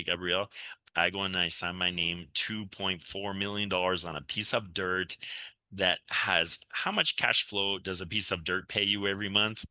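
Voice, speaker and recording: A middle-aged man telling enthusiastic stories as a real estate investor guest on a podcast interview. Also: no echo. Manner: enthusiastic, animated storyteller with laughs and pitch jumps.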